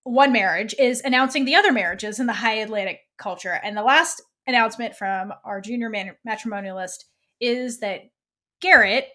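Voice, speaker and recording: A woman co-hosts a podcast and recaps a TV episode in a loose, chatty way. Her voice sits a little high and sounds clear and bright. She tells the story with energy and slips into short impressions of the characters. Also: moderate pace. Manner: animated retelling, slips into quoted voices. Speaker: podcast co-host.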